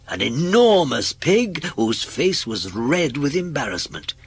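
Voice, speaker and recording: A man reads a children's storybook aloud with a slightly husky voice. His delivery is expressive, with a lively pitch that rises and falls on each line. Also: a little slow, hardly any pauses, dry recording. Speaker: narrator. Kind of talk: storybook reading.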